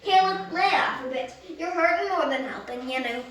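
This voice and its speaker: A woman voicing a friendly, easygoing teenage boy with an odd accent who calms others down. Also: sits high, normal speed, heavy reverb, far from the mic.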